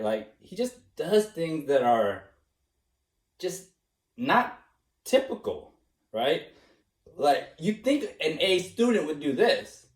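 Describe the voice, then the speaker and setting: Self-mocking man in an echoey room. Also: on the high side. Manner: animated and self-mocking, laughing often, doing impressions. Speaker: interviewee, former student. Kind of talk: casual interview. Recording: echoey room, mic at a distance.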